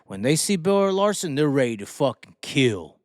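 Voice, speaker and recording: Male host, fired-up profane racing rant, smooth clear voice, dry close sound. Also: a little high, very animated, moderate pace, a little mellow, no room sound. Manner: heated, swearing, mocking. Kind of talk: profane opinion rant on livestream.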